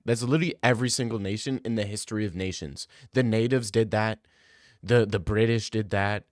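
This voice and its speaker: A young man streaming and chatting casually with viewers. He talks in excited, fast bursts and often repeats himself. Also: fairly low pitch, no echo, studio quality.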